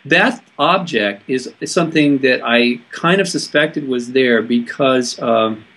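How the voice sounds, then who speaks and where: A man from California, a guest in an interview, telling a personal story in an earnest, halting way with frequent restarts. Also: mid-range voice, a bit bright.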